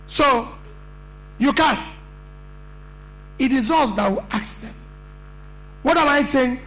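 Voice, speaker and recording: Emphatic high-voiced Nigerian man. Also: slow, pauses often, bright, forceful tone, low-quality recording. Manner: earnest, emphatic, plain-spoken. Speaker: political speaker. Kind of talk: conference speech.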